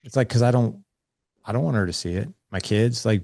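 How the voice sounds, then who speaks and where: A mellow, mid-range male voice, recorded at studio quality with no room sound, speaks briskly. He's in his forties and appearing as a podcast guest, earnestly recounting a conversation with his son in candid storytelling style and voicing both sides of their exchange.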